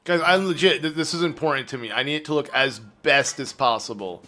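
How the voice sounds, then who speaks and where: A man streaming a game live, chatting casually and rambling to his viewers while his phlegmy throat keeps needing clearing. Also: on the high side, a little fast, sharp tone, slight background noise. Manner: rambling, chatty, talks to chat. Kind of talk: casual live gameplay commentary.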